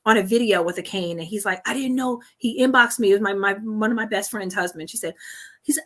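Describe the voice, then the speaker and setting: A woman hosting a talk show, telling a personal story in an expressive way, acting out what others said and laughing as she goes. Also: mid-range voice, quick pace. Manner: expressive, acts out quoted voices, laughs through stories. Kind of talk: conversational interview storytelling.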